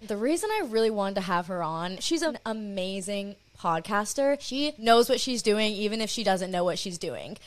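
A young woman hosting a podcast, chatting casually and gushing warmly about her guest, with lots of "like" fillers. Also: mid-range voice, dry recording. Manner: gushing, heavy use of "like". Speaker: podcast host.

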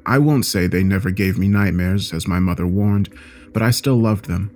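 A man reading a scary story aloud in a measured, steady storytelling voice. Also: low-pitched, soft background music. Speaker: narrator. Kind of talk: scripted horror story narration.

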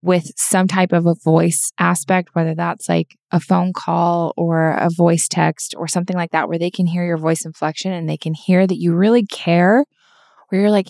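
A woman's voice: fairly low pitch, level tone, normal speed, a little mellow, dry recording, clean studio sound. A woman co-hosting a podcast, talking earnestly and encouragingly through examples in casual conversation. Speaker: podcast co-host.

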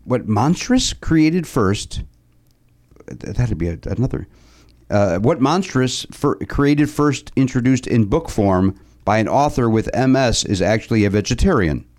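A man's voice: medium pitch, measured pace. A man hosting a comedy quiz, reading questions with stumbles and restarts in casual banter. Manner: stumbling reader, animated. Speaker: quiz host.

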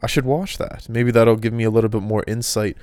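A man's voice: medium pitch, fairly even intonation, brisk, a little mellow, smooth, dry recording. Male podcast host, casual solo monologue, loose and rambling, mid-range voice, clean. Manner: rambling, off-the-cuff musing.

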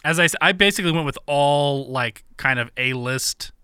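Male podcast co-host, crisp bright voice, dry close sound, halting casual chat. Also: fairly high pitch, dry recording. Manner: relaxed, halting, lots of restarts. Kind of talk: casual movie-recasting chat.

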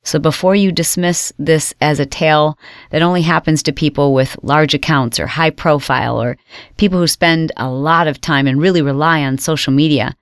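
A woman host telling her own story with dramatic storytelling, reliving her panic with sudden high exclaimed outbursts. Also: fairly even intonation, normal speed, clear, resonant tone, no echo, studio quality. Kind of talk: dramatic first-person storytelling.

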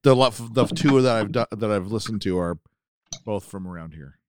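A man's voice: lowish voice, normal speed. A man chatting casually on a podcast, joking bluntly with crude humor.

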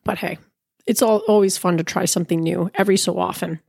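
A middle-aged woman from Canada hosting a casual food podcast, chatty and animated, telling stories with bursts of excitement. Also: lowish voice, a little fast, vocal fry, breathy edge, no room sound, studio quality. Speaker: podcast host. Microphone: podcast mic.

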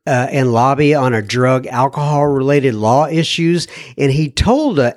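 A man's voice: on the high side, dry recording, studio quality. A man hosting a podcast, reading listener messages aloud in a casual, chatty way, thinking aloud with fillers and self-corrections.

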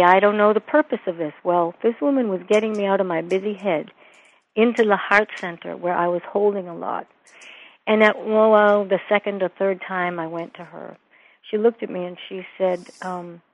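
A woman's voice: fairly low pitch, normal speed, no room sound. A woman minister being interviewed, telling a personal story earnestly and acting out the voices of the people in it. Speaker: guest, minister and author. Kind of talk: interview conversation. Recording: tinny phone-like line.

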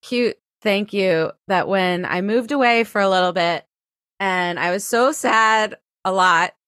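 A woman's voice: medium pitch, a little slow, fairly bright tone, no room sound, studio quality. A woman co-hosting a podcast, bubbly and giggly in casual chat. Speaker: podcast co-host.

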